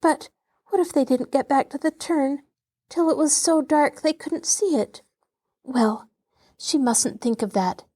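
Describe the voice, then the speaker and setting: A woman host reading a children's novel aloud in an expressive, dramatic way. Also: high voice, a little slow. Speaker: host and storyteller.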